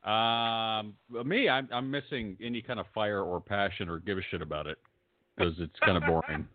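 A middle-aged man co-hosting a casual chat, trading dry, deadpan jokes. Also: lowish voice, moderate pace, phone-quality sound. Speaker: podcast co-host.

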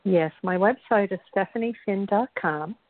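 A woman from Newfoundland with a Newfoundland accent, giving calm, gentle spiritual advice on a call-in show. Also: mid-range voice, moderate pace, no room sound. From Newfoundland, Canada. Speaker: spiritual show guest host. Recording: dry tinny phone line.

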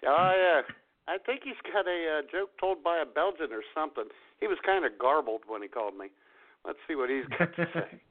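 A man's voice: fairly high pitch, lively intonation, fairly quick. A man co-hosting a comedy show, bantering playfully and mimicking a radio announcer. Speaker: podcast co-host. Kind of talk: casual banter. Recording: tinny phone-like sound.

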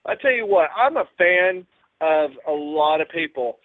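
A man hosts a casual talk show and speaks in a folksy, easygoing manner. His voice is high for a man. It comes through a dry, phone-like line. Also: lively intonation, measured pace, dry recording. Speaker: host. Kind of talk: casual chat.

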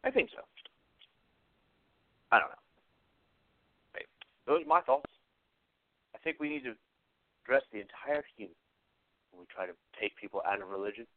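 A man's voice: medium pitch, no room sound. A man hosting a show, speaking in an earnest, reflective solo monologue, with short repeated phrases and frequent hesitations. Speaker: host of an atheist commentary show. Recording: tinny phone-like sound, dry.

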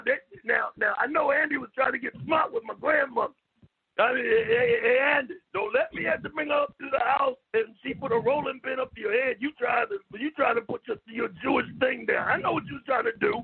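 A man co-hosting a call-in show, teasing the others loudly with brash jokes and stammering restarts. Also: very high voice. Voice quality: raspy, gravelly. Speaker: co-host. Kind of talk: loud joking radio banter. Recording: tinny phone line.

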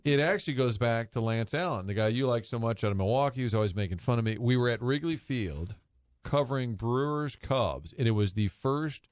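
A man's voice: medium pitch, animated, brisk, no room sound. A man hosting a sports talk radio show, telling a long anecdote in a chatty way and laughing at his own story. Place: radio studio.

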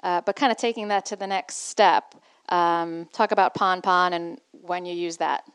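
A woman with a lowish, smooth and resonant voice hosts a relaxed podcast chat. She talks conversationally, steering the guest along, and the sound is close and dry. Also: moderate pace, dry recording. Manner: conversational, leading questions with fillers. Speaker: podcast host. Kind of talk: casual podcast interview.

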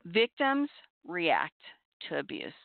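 A middle-aged woman hosting a talk show on abuse recovery, giving earnest, measured advice and repeating her key points. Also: on the low side, wildly swooping pitch, gravelly, no room sound. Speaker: podcast host on abuse recovery. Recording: tinny phone-like audio.

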